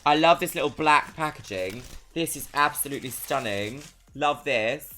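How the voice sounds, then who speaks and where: Faint music plays behind a young Londoner chatting on a live stream in her London accent. Her deep voice is very animated and a bit bright, her pace measured, and she's bubbly and giggly, laughing often.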